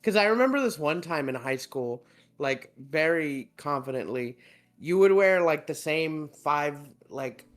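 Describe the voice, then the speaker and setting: Teasing male co-host, laughs a lot, lively pitch, casual chat. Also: a little slow. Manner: laughs often, teasing, animated retelling. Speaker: podcast co-host.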